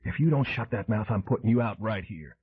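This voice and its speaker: A man's voice: fairly low pitch, lively intonation, brisk, husky, dry recording. A man voicing a furious, hard-bitten bounty hunter who snarls and barks orders in an audiobook. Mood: seething. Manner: snarling, seething, barked orders. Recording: tinny phone-like audio.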